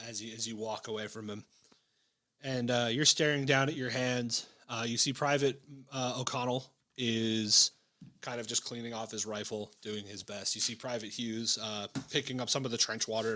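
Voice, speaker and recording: A man narrating a tabletop war role-play as game master, describing scenes in a measured way with frequent fillers. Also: mid-range voice, steady tone, bright, forceful tone.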